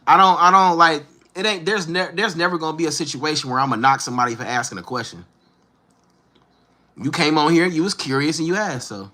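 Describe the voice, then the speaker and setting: A man in his thirties from Northern California talks loosely and slangily to his viewers, with a Northern Californian accent. His voice is bright and forceful and sits a little high for a man. He answers viewers directly in an easy livestream chat. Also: brisk. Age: 30s. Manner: laid-back, slangy, talks straight to viewers. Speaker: livestream host.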